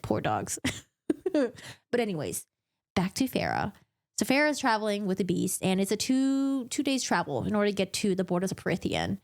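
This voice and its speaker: Chatty animated woman recapping a book. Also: mid-range voice. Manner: chatty, animated, self-interrupting, laughs often.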